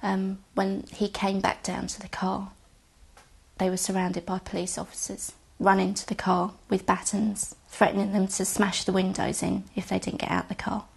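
A woman giving halting, quiet testimony about her brother, often dropping near a whisper and close to tears. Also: medium pitch, monotone, creaky, breathy edge. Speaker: bereaved sister giving testimony. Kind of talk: recounted personal testimony.

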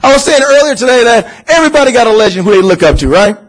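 A man's voice: extremely high pitch, expressive, rapid-fire, poor audio. A man giving an informal religious lecture to a class, asking questions and answering them himself in a conversational way. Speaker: Muslim teacher.

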